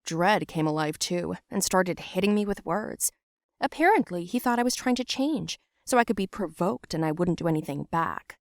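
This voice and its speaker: A woman's voice: on the low side, no echo. Casual: young woman narrating her story plainly, dry close sound. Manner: plain, matter-of-fact storytelling. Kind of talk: scripted first-person storybook narration.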